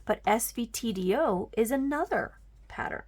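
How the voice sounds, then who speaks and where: A woman's voice: fairly high pitch, animated, moderate pace, darkish tone, slightly rough. A woman teaching a grammar lesson at home, patiently explaining step by step and often checking that listeners follow.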